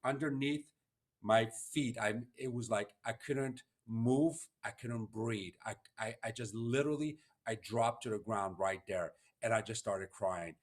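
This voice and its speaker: A man's voice: fairly low pitch, a little slow. A man hosting a podcast, telling a personal story in an earnest, emotional, heartfelt way. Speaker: podcast host.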